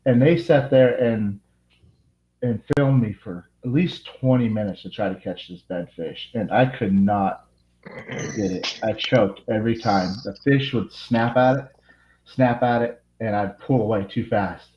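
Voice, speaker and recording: A man's voice: fairly low pitch, unhurried, a little mellow, echoey room, lo-fi sound. A man casually telling how his fishing tournament day went, rambling with lots of "like". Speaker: tournament angler interviewee. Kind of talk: casual storytelling.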